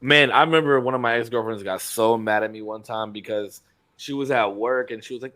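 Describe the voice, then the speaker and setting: A man's voice: medium pitch, brisk, dry recording. A man co-hosting a podcast in casual chat, telling stories emphatically and swearing often. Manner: animated, profane, emphatic storytelling. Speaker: podcast co-host.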